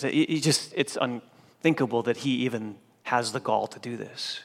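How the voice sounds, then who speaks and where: A man preaching a sermon, swinging from loud emphatic declarations to hushed, quiet lines. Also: mid-range voice, normal speed, creaky. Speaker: pastor. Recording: long hall reverb.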